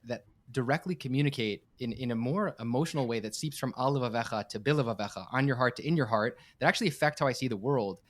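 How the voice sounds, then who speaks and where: A man's voice: mid-range voice, a bit bright. A man, a podcast guest, telling a personal story in an earnest, heartfelt way with frequent restarts. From United States. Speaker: podcast guest, campus director and startup coach.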